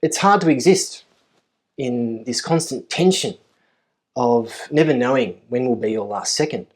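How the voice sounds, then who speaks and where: A man giving a conference lecture at a university, thoughtful and measured, often pausing with ums and repeating key phrases for emphasis. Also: mid-range voice. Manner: thoughtful, with frequent ums and uhs.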